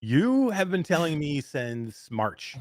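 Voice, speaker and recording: A man hosts a live talk show with lively swings in his pitch, teasing his co-host and laughing as he goes. His voice sits a bit high for a man and sounds dry and close to the mic. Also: slow pace, no room sound. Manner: animated, teasing, laughs often.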